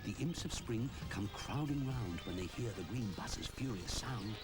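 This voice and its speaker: A British storyteller giving a lively, sing-song rhyming storybook narration. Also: mid-range voice, moderate pace, hardly any pauses. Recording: narration over background music.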